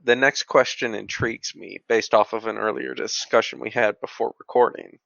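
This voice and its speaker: Gravelly man on a dull, lo-fi line. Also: medium pitch, fairly even intonation, fairly bright tone, no room sound. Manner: measured, arguing rules points. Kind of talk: casual podcast chat.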